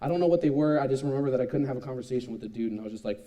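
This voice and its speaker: A young man in his twenties giving a youth sermon, telling a lively, self-mocking personal story. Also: mid-range voice, racing. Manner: animated, self-mocking storytelling with frequent laughs. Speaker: youth speaker.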